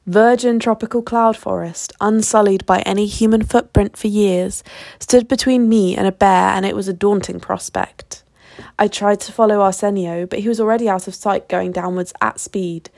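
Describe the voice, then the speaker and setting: A woman telling a personal travel adventure in a measured, vivid way. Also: mid-range voice, creaky, dry recording. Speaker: storyteller. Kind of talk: narrating a personal travel story.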